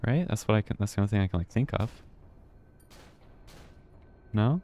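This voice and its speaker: Low-voiced man commenting on gameplay. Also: fairly quick, long pauses. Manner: chatty, reacts aloud to the game. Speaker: streamer.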